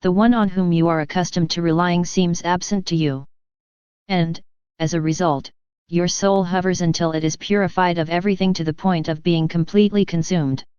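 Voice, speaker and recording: A woman voicing a gentle, consoling male divine speaker in a calm, tender, instructive way. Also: on the low side, moderate pace, smooth, dry recording, muffled recording, natural voice.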